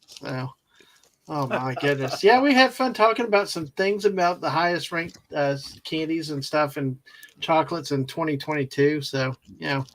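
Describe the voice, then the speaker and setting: A man's voice: fairly high pitch, normal speed, a bit bright. A man guesting on a livestream chat, playful and teasing. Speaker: fellow streamer guest. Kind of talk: casual stream chat.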